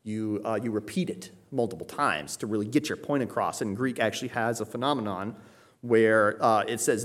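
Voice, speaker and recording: A man's voice: lowish voice, a little fast. A man preaching an expository sermon, emphatic and explanatory, often checking in with "right?" and raising his voice when acting out quoted pleas. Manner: emphatic teaching, frequent "right?" check-ins. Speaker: pastor.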